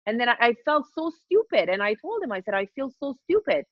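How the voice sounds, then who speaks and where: A middle-aged woman, a podcast guest telling a personal story in a lively, laughing way, often repeating and restarting her words. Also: on the high side, fast, hardly any pauses, dry recording, dull audio. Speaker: master trainer, podcast guest. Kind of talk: casual storytelling chat.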